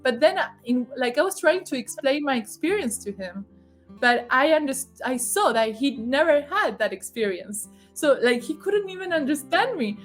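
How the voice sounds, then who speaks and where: Woman with a higher voice telling her story, emotional, laughs a lot, faint music behind. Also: animated, normal speed. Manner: emotional, laughs often, acts out dialogue. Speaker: guest sharing spiritual story. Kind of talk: casual personal testimony.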